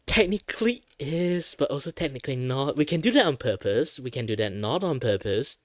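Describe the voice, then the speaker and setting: A man from Malaysia with a Malaysian English accent, chatting casually on a stream in a rambling, animated way. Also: medium pitch, brisk, a little hiss or hum. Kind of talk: casual chat while drawing.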